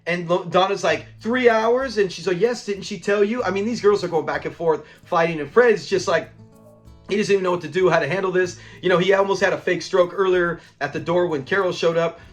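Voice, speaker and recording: A man's voice: high voice, a little fast, faint music behind. A man hosting a review channel, casually retelling an episode, acting out the characters' lines and laughing along. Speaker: show review channel host.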